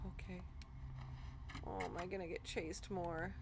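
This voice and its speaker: A young woman casually commenting on a horror game, muttering to herself and breaking into loud panicked outbursts. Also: lowish voice, fairly even intonation, unhurried. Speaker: let's play host. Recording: noisy game audio behind the voice.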